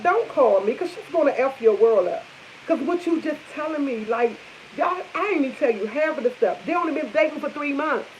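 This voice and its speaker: A woman's voice: fairly high pitch, a little mellow, slight background noise. Blunt, emphatic young woman vlogging. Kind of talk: casual chat to camera. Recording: dull lo-fi audio.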